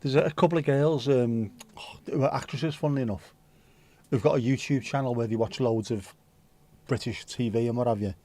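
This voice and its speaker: A man's voice: medium pitch, fairly quick, mellow. A man hosting a livestream, chatting casually and rambling while reading out viewer comments, with the odd swear word. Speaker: livestream host.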